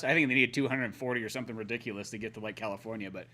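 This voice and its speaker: Bright, animated podcast co-host man. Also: mid-range voice, racing, hardly any pauses. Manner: animated, profane, laughs often. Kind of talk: casual movie discussion.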